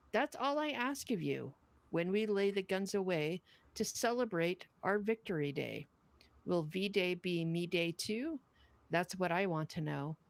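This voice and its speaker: A woman's voice: on the low side, creaky. A woman co-hosting a podcast, reading a poem aloud and then chatting bluntly and earnestly. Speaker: podcast co-host.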